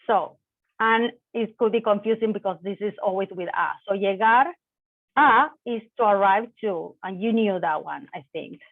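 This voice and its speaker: A woman's voice: mid-range voice, dry recording. Woman teaching over a tinny line. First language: Spanish. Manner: explains slowly with self-corrections, mixing Spanish examples. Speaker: Spanish teacher. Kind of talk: online language lesson. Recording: tinny phone-like dry sound.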